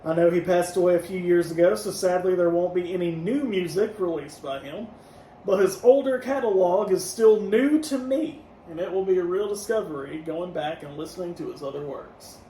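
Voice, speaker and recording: High-voiced man in an echoey room. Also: normal speed, distant mic. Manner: relaxed, gives scores out of ten, laughs easily. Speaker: podcast co-host reviewing albums. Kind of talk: casual review chat. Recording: echoey room, mic set back, faint noise.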